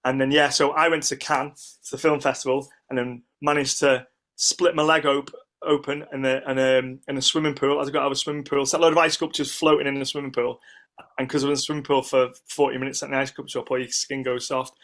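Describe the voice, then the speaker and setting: Guy, middle-aged, rambly animated podcast stories, keeps restarting and doing voices. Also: mid-range voice, fast talker. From United Kingdom. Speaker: guest, ice sculptor. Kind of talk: casual interview storytelling.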